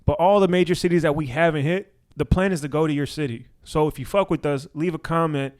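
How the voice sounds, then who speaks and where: A young man co-hosting a podcast in casual, joking chat, full of quick restarts. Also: a little high, fairly even intonation, darkish tone, smooth. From Washington D.C. area. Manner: hyped, joking, talks fast with restarts. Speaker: podcast co-host.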